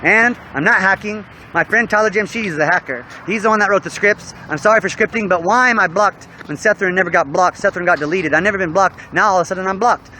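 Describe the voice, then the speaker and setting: A man's voice: high-pitched, fast, few pauses, sharp tone, low-quality recording. A young man in a rambling, preachy, profane monologue, recorded outdoors near traffic. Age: young adult. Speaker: online game player.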